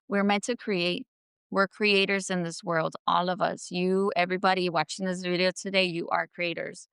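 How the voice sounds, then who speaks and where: A woman's voice: on the low side, a bit bright, clear, resonant tone, no room sound, clean studio sound. A woman hosting her own show, delivering an earnest motivational self-help monologue from home and repeating affirmations for emphasis. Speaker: podcast host. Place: at home, indoors.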